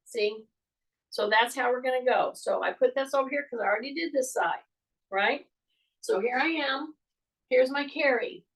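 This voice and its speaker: Older woman coaching an exercise class. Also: sits high. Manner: coaching with repeated cues and playful teasing of students. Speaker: fitness instructor. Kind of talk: live online exercise class instruction. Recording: voice from a distance off the mic.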